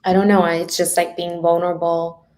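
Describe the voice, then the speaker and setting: A woman's voice: on the low side, flat delivery, brisk. A woman appearing as a guest on a podcast, a mindset coach speaking candidly and reflectively in casual conversation. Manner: candid and reflective, thinks out loud.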